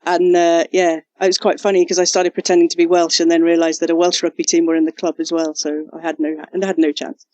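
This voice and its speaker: An Englishwoman talks as a guest on a podcast, cheerful and laughing easily, sometimes restarting her sentences. Her voice sits fairly low. The recording is dry and close. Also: level tone, quick pace, few pauses, mellow, dry recording. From England. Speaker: guest, junior doctor. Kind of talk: casual interview chat.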